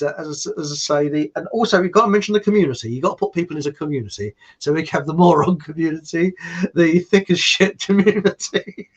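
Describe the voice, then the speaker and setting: A man's voice: fairly high pitch, husky, highs cut off. A man hosting his own online show in a casual, rambling way, joking and reading out viewer comments. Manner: jokey, laughs at his own quips, reads out viewer comments. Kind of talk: casual rambling live-stream talk.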